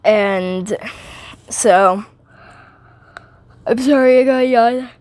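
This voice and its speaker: A woman's voice: a little high, extremely slow, darkish tone, dry recording. A teenage girl rambling and giggling through a casual movie review vlog, often drifting off topic.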